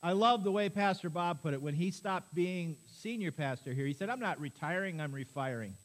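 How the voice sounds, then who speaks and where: A man preaching a sermon as pastor to his congregation, lively and quizzing the listeners with questions. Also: sits high, fairly quick. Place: church.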